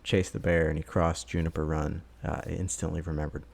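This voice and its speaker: A man's voice: very deep voice, little pitch movement, brisk, vocal fry, a little mellow. A man giving a casual, rambling voice-over for his outdoor vlog, with plenty of filler words. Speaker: vlogger.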